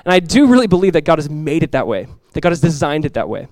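A man in his thirties, a pastor giving a sermon in a relaxed, conversational way, telling stories with asides. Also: fairly high pitch, fast, dry recording, poor audio. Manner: conversational, animated storytelling with asides.

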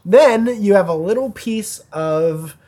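A woman's voice: mid-range voice, animated, slow, dark tone. A woman co-hosting a podcast in casual chat, teasing and laughing often. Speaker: podcast co-host.

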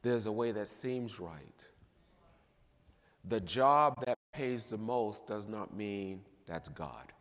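Emphatic male preacher in echoing church. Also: lowish voice. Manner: emphatic, swings between loud and quiet. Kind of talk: sermon. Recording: long reverb of a church hall.

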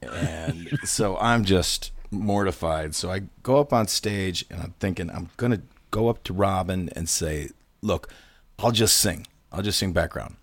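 A man's voice: deep voice, unhurried, creaky. A musician guest, a man, telling band stories in a casual chat and acting out what others said. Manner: animated anecdotes, acts out quotes. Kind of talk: casual storytelling.

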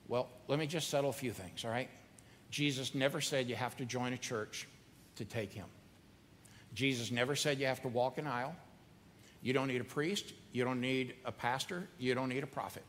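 A man preaching earnestly, talking to listeners as if in a personal chat and repeating key phrases to press them home. His voice sits at an ordinary pitch for a man. It rings with the long reverb of a hall over a faint hum of noise. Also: moderate pace, a bit bright. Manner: earnest, conversational preaching with repetition. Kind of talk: sermon.

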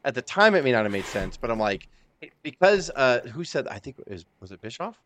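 Male co-host, rapid and profane, animated ranter. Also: mid-range voice, no echo. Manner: profane, animated, acts out outbursts. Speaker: podcast co-host. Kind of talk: casual chat.

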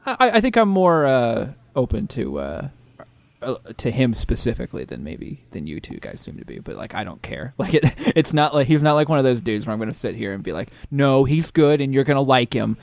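A man's voice: medium pitch, wildly swooping pitch, a little fast, creaky. Male podcast co-host, casual and rambling, voice rising and falling a lot. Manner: rambling, many restarts and fillers. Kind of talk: casual chat.

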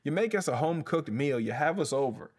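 A man's voice: a little high, expressive, a little fast. Profane ranting male comedian host. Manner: profane, heated, says "bruh" a lot. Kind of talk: casual comedic rant.

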